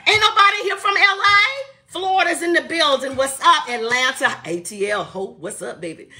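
A woman hosts a live podcast, loud and playful, saying she is tired as she greets viewers by where they are watching from. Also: high voice, moderate pace. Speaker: podcast host. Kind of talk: casual live-stream chat.

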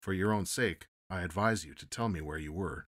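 A man's voice: low-pitched, brisk, a bit bright. A man voicing a sober investigator who asks short, pointed questions. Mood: probing. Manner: terse, questioning.

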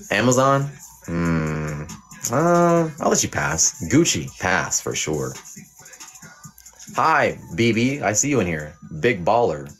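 A young man hosting a livestream takes on a mock-teacher role, reading chat and teasing people with profane pass-or-fail calls. His voice is low and a bit bright.

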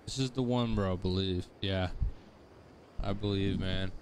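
A man's voice: sits low, steady tone, unhurried, pauses often, darkish tone, slight background noise. A young man streaming a shooter game, chatting casually and joking with his viewers. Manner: laid-back, rambling, joking with chat. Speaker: gaming streamer. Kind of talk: casual live-stream chat while playing. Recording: game sounds underneath.

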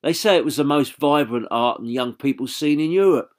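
A man voicing a decent husband who speaks gently and reassuringly, in an audiobook. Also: medium pitch, brisk, voice pushed up, natural voice.

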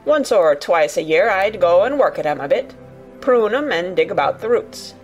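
A woman voicing a gruff, grumpy old male gardener who grumbles in blunt country dialect. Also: mid-range voice, lively intonation, normal speed, darkish tone, lo-fi sound, faint music behind, natural voice.

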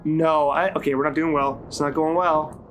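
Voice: medium pitch, steady tone, moderate pace. A let's play gamer giving frantic, swearing, self-mocking commentary while playing. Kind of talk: casual gameplay commentary. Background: game music.

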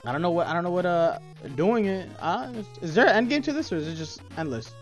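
A man's voice: high-pitched, lively intonation, fast, faint music behind. A young man commentating a video game as a YouTuber, jumpy and muttering, repeating phrases under his breath and breaking into startled outbursts. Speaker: gaming YouTuber. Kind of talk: let's play commentary.

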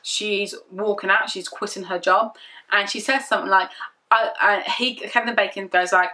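A woman's voice: medium pitch, fairly even intonation, moderate pace, pushed and bright. A young woman chatting casually through a product review, rambling and repeating herself as she gushes. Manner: rambling, repetitive and gushing. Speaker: beauty vlogger.

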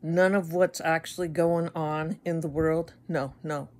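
Middle-aged woman vlogger from the United States; slow, lowish, rambling and wry with stammered restarts. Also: fairly even intonation, a little mellow. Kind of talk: casual chat to camera.

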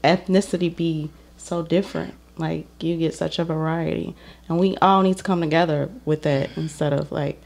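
Gravelly, soft-spoken woman. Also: deep voice, fairly even intonation, normal speed. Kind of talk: casual podcast chat.

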